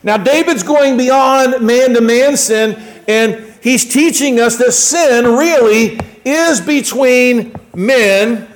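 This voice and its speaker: A man's voice: very high-pitched, slow, hardly any pauses, poor audio. A man preaching a conversational sermon to his congregation, acting out short everyday exchanges as he goes. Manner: conversational, acts out little quoted exchanges. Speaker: pastor.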